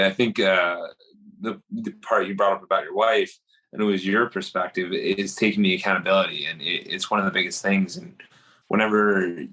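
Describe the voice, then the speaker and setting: A man's voice: sits low, pushed and bright, poor audio. A man hosting a podcast interview, affirming and building on his guest's points in casual conversation. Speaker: podcast host.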